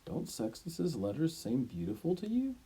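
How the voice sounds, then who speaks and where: A man's voice: a little high, wildly swooping pitch, normal speed, mellow, husky. A man teaching Latin, reading a story and translating it line by line with plain explanations and the occasional joke.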